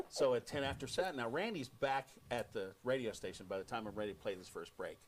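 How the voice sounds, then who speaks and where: A man with an American accent, a radio host telling an animated story on air and acting out quoted lines. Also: medium pitch, fast, hardly any pauses, a little hiss or hum.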